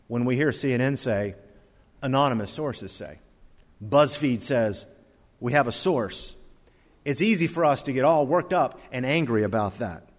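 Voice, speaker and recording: A pastor preaching an emphatic sermon and then leading a prayer. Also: male voice, mid-range voice. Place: church sanctuary. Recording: long reverb of a church hall.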